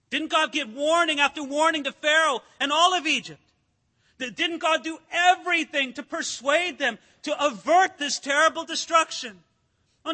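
A man preaches with a high, sharply bright voice, dropping to a hush and then rising to emphatic force. His sermon rings through a large hall with a long, trailing reverb. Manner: dramatic preaching, swings from hushed to emphatic. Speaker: pastor.

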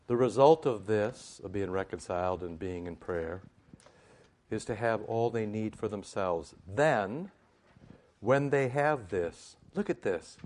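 A man teaching a sermon-style class, talking conversationally and building to emphatic rhetorical questions. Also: lowish voice.

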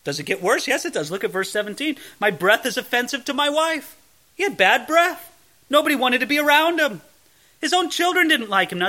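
A man teaching through a Bible book like a pastor, reading verses aloud with feeling and often stumbling over his first words. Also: high-pitched. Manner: animated, reads scripture aloud with feeling, acts out Job's pleas; stammers on starting words.

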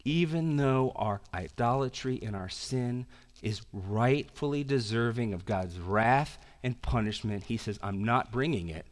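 Guy preaching a sermon, gets loud and fired up then goes real quiet, throws in slang. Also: mid-range voice, a little slow. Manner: animated preaching, swinging from loud emphasis to quiet intensity; casual asides with slang. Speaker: pastor.

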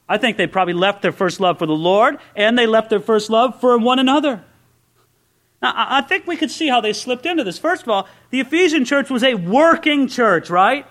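Guy preaching, fairly high voice, chatty style with lots of "right?" questions, gets loud and excited then drops low and quiet. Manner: conversational preaching with rhetorical questions; swings between loud excited asides and low quiet emphasis. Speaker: pastor. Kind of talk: sermon.

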